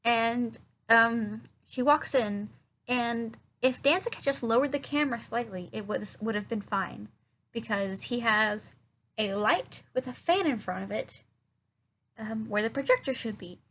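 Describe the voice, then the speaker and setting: A woman's voice: fairly high pitch, a little slow, fairly bright tone. A woman recapping a film in a casual, sarcastic way, swearing a lot and mocking the dialogue. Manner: sarcastic, profane, mocking movie dialogue in silly voices. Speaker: film reviewer.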